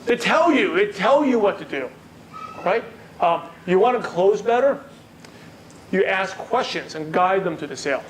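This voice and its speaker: High-voiced male sales trainer. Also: lively intonation, moderate pace, slight background noise. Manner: asks the audience questions and repeats their answers. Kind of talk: live workshop lecture. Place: meeting room with a live audience.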